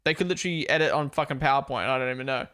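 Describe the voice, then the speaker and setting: A young man races through his words at a medium pitch, his voice pushed and bright. He's hosting a live watch-along stream, swearing casually as he responds to viewers. His accent blends Australian and New Zealand, since he was born in Australia and raised in New Zealand.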